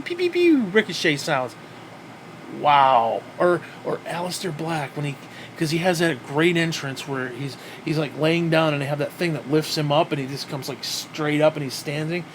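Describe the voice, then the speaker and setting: A man's voice: fairly high pitch, slight background noise. A man ranting in a wrestling review, profane and exasperated, with frequent sighs.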